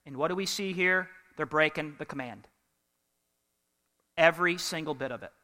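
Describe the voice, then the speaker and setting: A man preaching a sermon in an animated, humorous way, putting questions to the congregation. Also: fairly high pitch, moderate pace, long reverb tail. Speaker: pastor.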